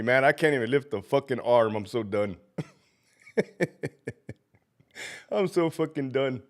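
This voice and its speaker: A man's voice: medium pitch, animated, measured pace, long pauses. A man hosting a casual livestream, a former prison officer who is sick and feverish, swearing heavily, ranting and laughing often between greetings to viewers.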